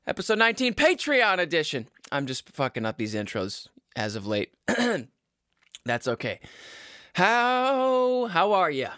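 A man's voice: high-pitched, huge pitch swings, measured pace, sharp tone, dry recording, clean studio sound. A man in his twenties hosting a casual solo podcast, loose and self-mocking. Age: 20s. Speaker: podcast host. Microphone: close studio mic in a home room.

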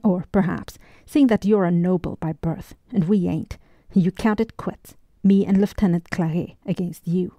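A woman reading the lines of a blunt, hot-tempered male sea captain in an audiobook, in a gruff and brash manner. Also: lowish voice, normal speed, hardly any pauses, dark tone, no echo, muffled recording.

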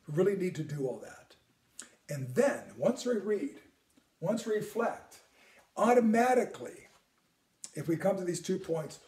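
A man's voice: sits high, a little mellow, echoey room, distant mic. A man, a priest, teaching on prayer in an earnest way, repeating words and at times dropping almost to a whisper.

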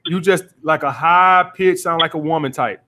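High-voiced blunt profane coach. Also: male voice, normal speed, sharp tone, a little hiss or hum. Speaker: dating coach taking calls. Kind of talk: call-in advice show.

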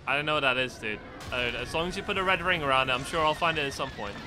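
A man giving casual, excitable commentary over his own gameplay, swearing and yelling at the game. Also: medium pitch, fast talker, music in the background. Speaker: gaming video host.

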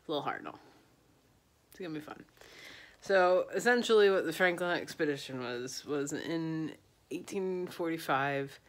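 Tipsy woman rambling through history. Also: low voice. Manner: rambling, slangy, loose. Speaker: vlogger. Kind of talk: drunken history storytelling.

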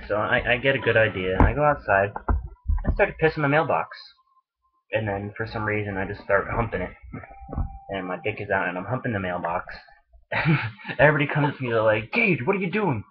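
Young male vlogger, husky, a bit low, profane rambling storyteller, lo-fi webcam audio. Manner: rambling, profane, laughing a lot. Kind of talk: casual storytelling vlog. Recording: dull lo-fi webcam recording.

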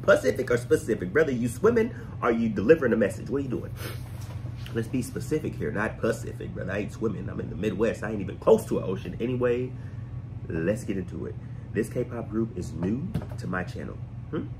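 A fairly low-voiced man hosts a casual music reaction, joking and talking straight to his viewers. His voice swings widely up and down as he riffs. A steady noise hiss sits under the recording. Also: brisk. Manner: playful, jokey, talks straight to the viewer. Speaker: reaction channel host.

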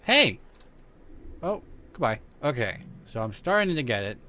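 A man streaming a horror game, talking to himself, swearing and yelling at the game as he plays. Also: medium pitch, very animated, a little fast, a little hiss or hum. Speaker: gaming streamer. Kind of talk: let's play commentary.

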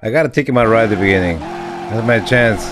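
A man streaming a retro driving game, excitably talking to the game and getting frustrated as he plays. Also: fairly low pitch, a little fast, music in the background. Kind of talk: live gameplay commentary. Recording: noisy with game car sounds.

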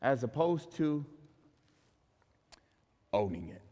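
A man in his thirties preaching a sermon, swinging between loud emphatic lines and hushed ones. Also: mid-range voice, sing-song, slow pace, pauses often, big-room sound. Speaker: pastor. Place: church.

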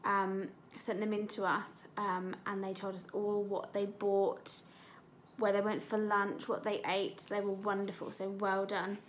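Slow, gentle English woman teacher. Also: medium pitch, slight background noise. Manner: slow, gentle and explanatory, asking the children questions. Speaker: primary school teacher. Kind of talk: reading a storybook aloud and explaining it to young children.

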